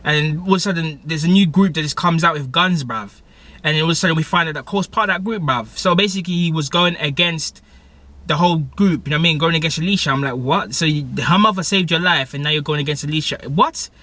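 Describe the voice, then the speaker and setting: Young man, casual slangy recap, rambling, bright forceful voice, fairly high. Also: fast. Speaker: TV episode reviewer.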